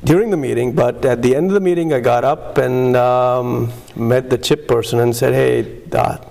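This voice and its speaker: A man telling his personal recovery story in a halting way, with many fillers and pauses. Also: mid-range voice, steady tone, creaky, a little mellow. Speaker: recovery meeting speaker. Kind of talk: personal testimony.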